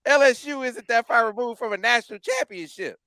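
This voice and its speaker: Man, podcast host, animated and emphatic, bright sharp voice, crisp and dry. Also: very high voice, brisk, dry recording. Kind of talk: casual sports podcast chat.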